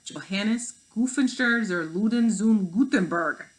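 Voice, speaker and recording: A woman voicing a pompous holographic old German printer, with a put-on German accent, loud and slow. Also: expressive, natural voice, rough recording. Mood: grand. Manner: loud, slow, grandly booming.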